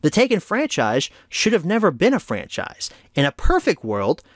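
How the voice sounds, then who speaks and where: A man's voice: on the high side, huge pitch swings, normal speed, no echo, studio quality. A man hosting a casual home media review vlog, chatty and opinionated as he wraps up an episode. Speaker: movie reviewer, show host.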